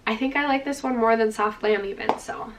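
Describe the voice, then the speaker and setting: A woman with a slightly high voice gushes through a makeup palette review, full of enthusiasm and casual filler words. She sits a little back from the microphone, so her voice sounds somewhat distant. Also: brisk, background noise. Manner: gushing, enthusiastic, uses "like" and "freaking" often. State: out of breath, dry throat. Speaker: beauty vlogger. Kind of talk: product review vlog.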